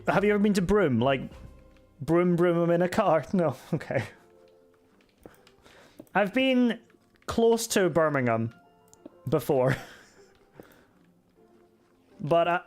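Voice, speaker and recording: A young man with a Scottish accent chats his way through a live game stream, picking up viewer comments and laughing at himself. His voice sits a touch higher than most men's, with soft music playing faintly underneath. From Scotland. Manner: chatty and self-mocking, reads chat messages aloud and answers them. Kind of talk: casual live-stream chat while gaming. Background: faint background music.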